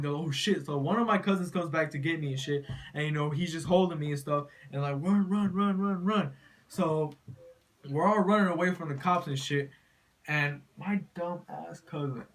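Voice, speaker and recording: A man's voice: on the high side, fairly bright tone. A young man telling a story casually to his viewers, rambling and profane, full of "you know" and "like.". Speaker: vlogger.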